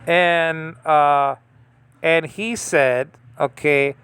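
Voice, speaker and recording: A middle-aged man walks through a lesson on biblical Hebrew letters from home, talking in a halting, chatty way with plenty of fillers and restarts. His mid-pitched voice has a gravelly edge but carries smooth and clear. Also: expressive, fairly bright tone. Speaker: Bible language teacher. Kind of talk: informal screen-share lesson. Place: home in the Philippines.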